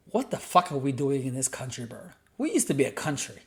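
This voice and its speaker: Aussie guy on his podcast, fired up and swearing a lot, mid-pitch voice. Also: big pitch swings, a little fast, a little mellow. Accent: Australian. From Australia. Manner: heated, profane ranting. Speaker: podcast host. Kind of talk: solo podcast rant.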